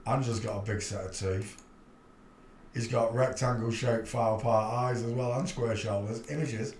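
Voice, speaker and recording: At a normal speed and with a mid-range, slightly mellow voice, a man hosts a livestream full of chatty, rambling, blunt commentary, laughing at his own jokes. There's a little hiss or hum, and the room echoes.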